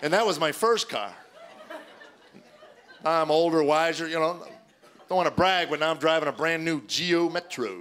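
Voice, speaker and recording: A man's voice: on the high side, normal speed, long pauses, fairly bright tone. A middle-aged man performing a stand-up comedy routine on stage before a live audience, telling stories and acting out other people's voices. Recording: noisy live recording with audience laughter.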